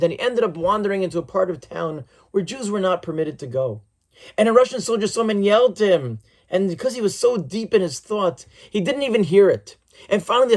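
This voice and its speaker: A rabbi giving a sermon, telling stories earnestly in a measured, reflective way. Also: male voice, high-pitched.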